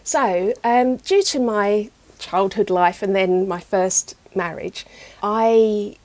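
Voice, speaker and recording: Woman, middle-aged, chatty, animated storytelling, mid pitch, dry close recording. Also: slow, dry recording. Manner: chatty, animated retelling with many fillers. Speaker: guest, EFT practitioner. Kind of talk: casual interview storytelling.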